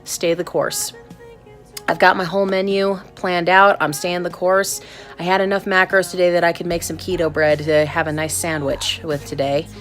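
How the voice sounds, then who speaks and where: A woman's voice: on the low side, level tone, moderate pace, a bit bright, soft background music. A woman talking to her viewers in a chatty, upbeat and candid video diary. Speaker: vlogger.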